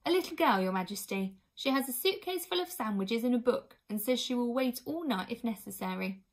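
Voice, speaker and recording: A woman's voice: on the high side, expressive, a little fast. A polite palace servant, a little flustered and apologetic as he reports a visitor, as a woman reads him out. He speaks with a slightly raised, eager voice in a storybook reading.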